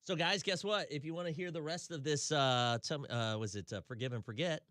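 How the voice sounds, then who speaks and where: A man's voice: on the high side, a little fast, a bit bright, no echo, clean studio sound. A man with a Southern accent hosting a radio show, chatting loosely and laughing easily between stories. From Tennessee, US. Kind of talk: casual radio chat. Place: radio studio.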